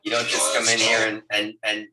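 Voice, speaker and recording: A man leading a sales team call with high energy, often stopping to ask "right, guys?". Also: brisk, reverberant, recorded from a distance, loud music behind the voice, poor audio. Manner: energetic, repeats words, asks "right, guys?". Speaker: agency leader hosting a team call. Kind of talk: motivational team huddle. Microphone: Bluetooth earbuds on a video call.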